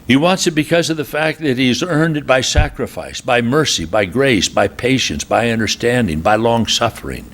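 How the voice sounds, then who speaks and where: A man preaching a sermon at a marriage retreat, telling humorous stories and leaping into high, animated voices for the people he quotes. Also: normal speed, hardly any pauses. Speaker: pastor. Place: church retreat hall.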